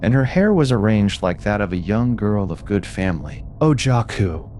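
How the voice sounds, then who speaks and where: A man narrating classic ghost stories for sleep in a measured, expressive reading. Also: lowish voice, a little hiss or hum. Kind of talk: storytelling for sleep.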